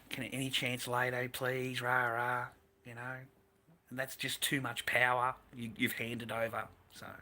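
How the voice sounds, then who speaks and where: A man's voice: mid-range voice, bright, forceful tone. A man hosting a stream who talks in a crude, profane and rambling way. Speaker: streamer host.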